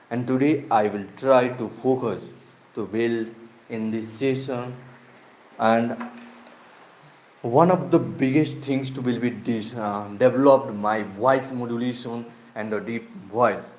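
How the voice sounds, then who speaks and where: Slow, halting man practicing a speech. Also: mid-range voice, darkish tone, a little hiss or hum, poor audio. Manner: slow, halting delivery with pauses and self-corrections. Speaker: self-improvement vlogger.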